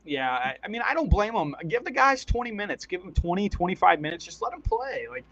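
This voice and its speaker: A man doing casual, excitable play-by-play commentary on a live stream, chatty and quick to laugh. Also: high voice, dry recording, dull audio.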